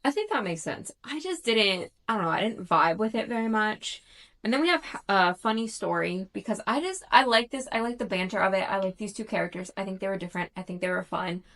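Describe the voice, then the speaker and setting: 30 yr old woman book vlogging, casual rambly chat, lots of likes and restarts, medium pitch. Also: expressive, a little fast, a bit bright. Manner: chatty and self-conscious, with lots of likes and restarts. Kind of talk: casual reading vlog chat.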